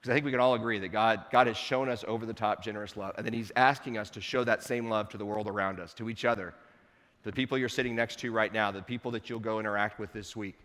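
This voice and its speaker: A man preaching a sermon to his congregation in a relaxed, conversational way with playful asides. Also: lowish voice, fast, in a large hall. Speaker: pastor. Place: church sanctuary.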